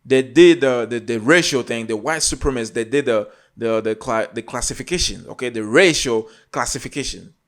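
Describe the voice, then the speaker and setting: A man's voice: medium pitch, fairly quick, hardly any pauses. A man from Africa hosting a reaction video, talking in an emphatic, repetitive, preachy way. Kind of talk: casual reaction commentary.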